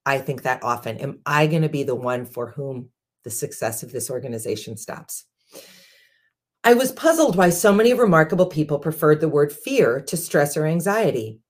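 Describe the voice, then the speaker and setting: A woman with a low voice reads book passages aloud in a measured, steady way. She breaks off now and then for her own casual asides as the show's host. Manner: measured reading with personal asides. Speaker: host, CEO.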